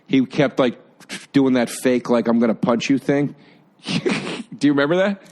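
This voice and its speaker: A man, a guest on a podcast, telling excitable, laughing stories in casual chat. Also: measured pace. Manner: excitable, laughing storyteller with lively swings in pitch.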